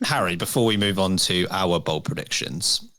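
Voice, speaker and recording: Male podcast host, fairly low voice, easygoing, keeps the banter moving. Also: expressive, normal speed, bright, forceful tone. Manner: joking, steers the segments. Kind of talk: casual chat.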